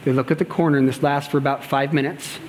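A man preaching a sermon, telling a story and acting out the dialogue, moving between loud passages and hushed ones. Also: mid-range voice, steady tone, fast talker, a little hiss or hum. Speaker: pastor and gymnastics coach. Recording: long hall reverb.

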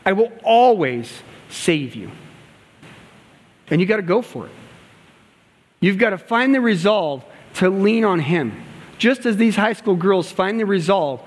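A man preaching a sermon, telling a story and acting out the dialogue, moving between loud passages and hushed ones. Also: sits high, animated, moderate pace. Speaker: pastor and gymnastics coach. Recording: long hall reverb.

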